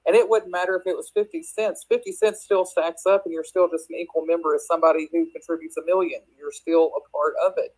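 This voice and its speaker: Appalachian Kentucky woman, chatty guest, quick laughs, casual delivery. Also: lowish voice, steady tone, a little mellow, rough recording. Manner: chatty, laughs often, many restarts. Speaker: crypto project guest. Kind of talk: casual live audio chat. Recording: online audio space.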